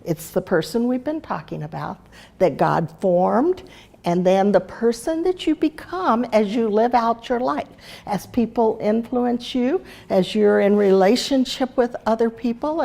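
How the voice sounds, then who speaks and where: A woman's voice: on the high side, vocal fry. An older woman giving a casual teaching talk, chatting her way through family anecdotes and a children's story. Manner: chatty, anecdotal, warm storyteller with small laughs. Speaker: speaker and teacher.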